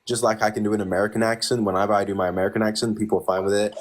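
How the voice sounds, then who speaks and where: A man's voice: on the low side, little pitch movement, very fast, a little hiss or hum. A man from Nigeria hosting a livestream debate, insistent and argumentative, talking over the caller.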